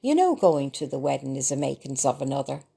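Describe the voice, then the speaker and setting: Woman reading older mother, homely, proud, storybook, creaky. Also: rumbling low, big pitch swings, brisk, mellow, heavily acted. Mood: motherly.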